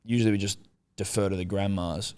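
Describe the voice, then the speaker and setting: A young podcast co-host speaks brisk and lowish with a clean tone. Chatting casually, he curses often and tells his story vividly, putting on voices for the quotes.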